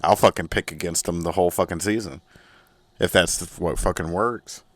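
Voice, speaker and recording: Deep-voiced, swearing podcast host. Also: male voice, steady tone, moderate pace, a bit bright, no echo. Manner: profane, rambling, self-mocking. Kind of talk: casual solo podcast rant. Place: small rented recording studio.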